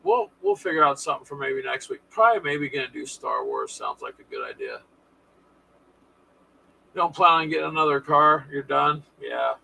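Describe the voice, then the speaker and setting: A man's voice: on the high side, huge pitch swings, moderate pace, vocal fry, sharp tone, slight background noise, poor audio. A man hosting a casual live stream, chatting with viewers in a folksy, sarcastic way.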